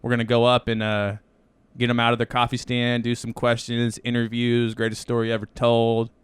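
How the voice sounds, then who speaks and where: A laid-back man co-hosting a comedy podcast, chatting casually and laughing along with his co-host. His voice is smooth and clear at a middle pitch. The sound is dry and close. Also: monotone, fairly quick, no echo.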